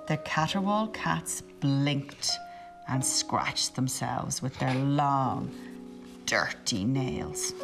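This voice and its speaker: A woman reading a picture book aloud in an expressive storytelling voice. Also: very deep voice, drawn-out words, gravelly, music in the background. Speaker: storybook reader.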